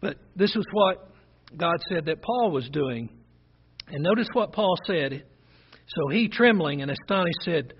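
A man's voice: a little high, measured pace, slightly rough, lo-fi sound. A man with a rural Southern American accent preaching a sermon, earnest and conversational as he reads scripture aloud.

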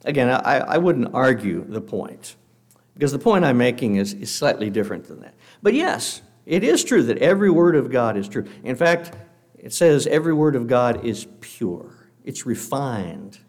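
A man giving a sermon to a congregation, earnest and measured, slowing down to read scripture aloud. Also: medium pitch, sing-song, darkish tone. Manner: guest speaker addressing a congregation. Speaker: preacher.

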